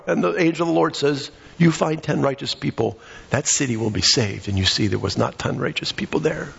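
A man's voice: fairly high pitch, a little fast, vocal fry, fairly bright tone. Impassioned preacher man, lo-fi sound. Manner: impassioned, acts out quoted voices. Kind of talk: sermon.

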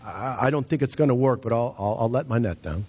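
A man's voice: medium pitch, expressive, fairly quick, darkish tone, breathy edge, lo-fi sound. A preacher doing a hesitant, weary fisherman. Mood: reluctant. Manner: hesitant, stammering. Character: Peter, reluctant weary fisherman.

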